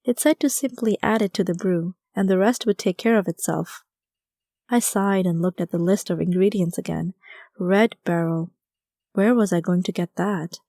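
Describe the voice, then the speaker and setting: A woman's voice: lowish voice, normal speed, mellow, no room sound, studio quality. A woman narrating a cozy first-person audiobook in a conversational storytelling manner, acting out the dialogue.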